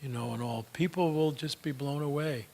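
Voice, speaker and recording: A man's voice: a little high, moderate pace, gravelly, a little mellow. An older man giving a folksy motivational talk, telling stories with many fillers and answering audience questions. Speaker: speaker.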